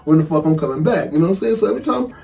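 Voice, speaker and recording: A man casually telling a funny story, animated and profane, laughing often and acting out the voices of people in it. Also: a little high, racing, vocal fry, recorded from a distance.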